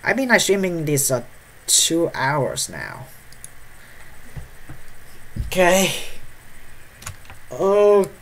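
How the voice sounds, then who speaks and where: A man's voice: on the high side, wildly swooping pitch, very slow, vocal fry, pauses often, fairly bright tone, a little hiss or hum. A male streamer reading a visual novel's text aloud during a live let's play, breaking into startled yelps and nervous laughs. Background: faint game music.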